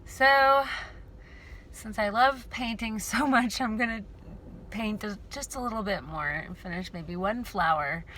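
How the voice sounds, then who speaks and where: A woman chatting slowly to her viewers in a casual vlog. Her voice is bright and clear, and she rambles in a heartfelt, affectionate way, pausing often and filling gaps with "um" and "you know.". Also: medium pitch, a little hiss or hum. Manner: rambling, heartfelt, with frequent pauses and fillers. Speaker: dystonia awareness vlogger. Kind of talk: casual personal vlog talk. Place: car.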